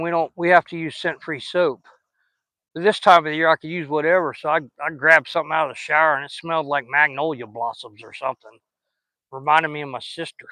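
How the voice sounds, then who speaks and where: A man's voice: fairly high pitch, pushed and bright, no room sound, low-quality recording. A man with a Southern US accent chatting in a folksy, rambling way while fishing outdoors on a river. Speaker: fishing vlogger. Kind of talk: casual chat while fishing.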